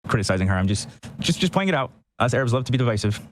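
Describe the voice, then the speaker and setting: A man's voice: medium pitch, big pitch swings, very fast, heavy background noise. A man in a played clip of a commentary video, defensive and sarcastic in how he talks.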